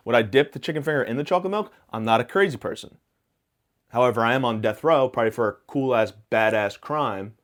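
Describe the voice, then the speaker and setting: A man hosting a podcast, rambling through a self-mocking comic monologue full of absurd tangents and deadpan hot takes. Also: on the low side. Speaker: podcast host.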